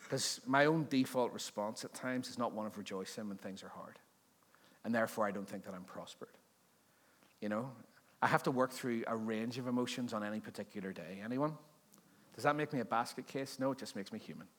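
A man's voice: on the low side, a little fast, a bit bright. Man giving a chatty, joking sermon. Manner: conversational, joking, quizzing the congregation. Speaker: pastor. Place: church service before a congregation.

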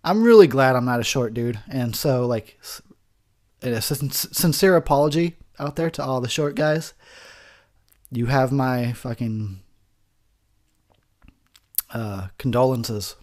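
A man's voice: mid-range voice, slow pace, long pauses, a little mellow. A man giving a rambling, profane, tipsy commentary over a movie, laughing often.

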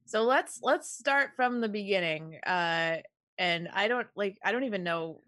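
A woman hosting a casual movie podcast, chatty and quick to laugh, with many fillers. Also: mid-range voice, expressive, pushed and bright, dry recording. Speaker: podcast host.

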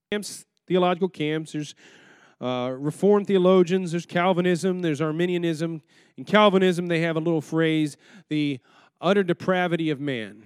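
A man with a high-pitched voice preaches a sermon, throwing question after question at his listeners. He jumps from loud, emphatic lines to low, hushed asides. The sound is close and dry, with no room echo. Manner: preaches with rhetorical questions put to the congregation. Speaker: pastor.

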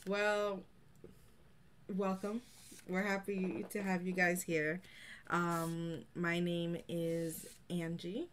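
Female co-host, somewhat low voice, lively casual chat, faint noise behind. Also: very slow. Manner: chatty, animated, laughs easily. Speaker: podcast co-host.

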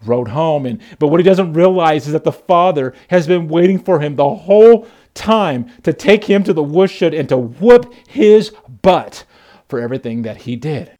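A man preaching a sermon as pastor, animated storytelling with frequent restarts. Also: fairly high pitch, moderate pace.

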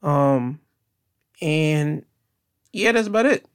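A man's voice: on the high side, lively intonation, slow pace, smooth. Rambling young man hosting a podcast. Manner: rambling, restarts often, earnest and encouraging. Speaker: podcast host. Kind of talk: casual solo podcast sign-off.

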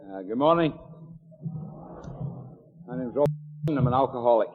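Addressing an audience in a long-echo meeting hall, an older AA speaker from the Glasgow area of Scotland recounts his recovery with jokes, asides, and plenty of fillers. He has a mid-range, animated voice and takes his time. The live recording sounds dull.

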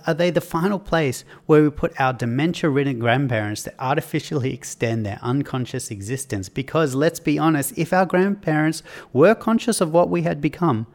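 A man's voice: a little high, gravelly. An Australian man hosting a podcast, giving an emphatic, sardonic opinion monologue and reading aloud from his own article, with frequent restarts. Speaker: podcast host.

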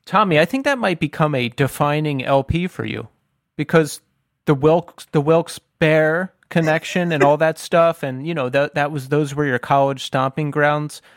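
A man's voice: a little high, normal speed, no room sound, studio quality. A man co-hosting a podcast in casual chat, teasing his co-host and swearing freely.

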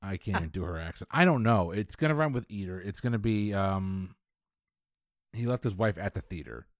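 A man's voice: sits low, expressive, normal speed, dry recording, studio quality. A man co-hosting a casual trivia chat, rambling and jokey as he thinks aloud through the answers. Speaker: podcast co-host playing trivia.

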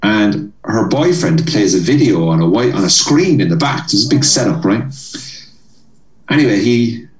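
A man's voice: lowish voice, moderate pace, roomy sound, recorded from a distance, rough recording. A man with an Irish accent, a comedian telling a long story with lots of energy, acting out the people in it and laughing. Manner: animated storyteller, acts out voices and laughs. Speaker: comedian guest. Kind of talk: storytelling anecdote.

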